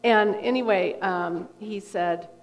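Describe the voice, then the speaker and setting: A middle-aged woman, a therapist and guest speaker, telling a personal story in a conversational, animated way with frequent fillers. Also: mid-range voice, slow pace. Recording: long reverb from a hall.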